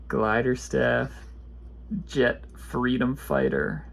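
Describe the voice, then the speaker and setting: Gravelly man muttering through a pack opening. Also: big pitch swings, measured pace, pauses often. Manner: rambling, reads card names aloud, drops into low muttering. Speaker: card pack opener. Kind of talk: casual pack-opening commentary.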